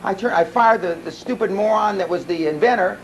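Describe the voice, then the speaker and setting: A man's voice: sits high, brisk, lo-fi sound, a little hiss or hum. Blunt, profane man giving a seminar talk. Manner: blunt, profane storytelling with many restarts. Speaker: seminar speaker. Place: seminar room.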